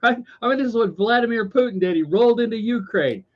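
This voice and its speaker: Stammering, sarcastic high-voiced man. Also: expressive, fast talker. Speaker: podcast co-host. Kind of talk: casual political rant. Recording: dull lo-fi audio.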